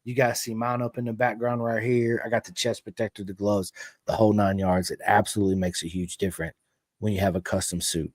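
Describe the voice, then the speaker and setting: An American man hosting a podcast in an excitable, hyping way, his storytelling lively and loose. The sound is dry and close. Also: on the low side, brisk, dry recording. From United States. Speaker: podcast host. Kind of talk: casual chat with ad read.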